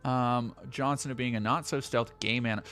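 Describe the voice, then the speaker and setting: A man's voice: medium pitch, steady tone, normal speed, a bit bright, soft background music. A man streaming, reading news headlines aloud and reacting with sarcastic asides. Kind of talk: casual stream commentary.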